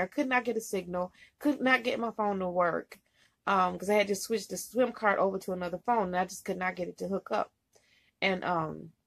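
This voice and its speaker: A woman truck driver tells her viewers a story in a loose, rambling vlog style, full of "you know". Her voice sits a little high and sounds husky. She speaks with feeling and circles back on her points.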